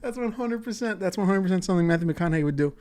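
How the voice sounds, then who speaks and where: A man's voice: high-pitched, animated, rapid-fire, darkish tone. A man hosting a solo comedy podcast, rambling and profane, often cutting himself off mid-thought. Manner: rambling, profane, self-interrupting. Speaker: podcast host.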